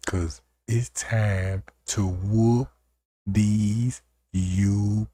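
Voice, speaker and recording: A man's voice: on the low side, fairly even intonation, extremely slow, mellow, dry recording, faint music behind. A man hosting a live stream, talking to his viewers in a hyped, chatty way. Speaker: livestream host. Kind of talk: casual livestream commentary.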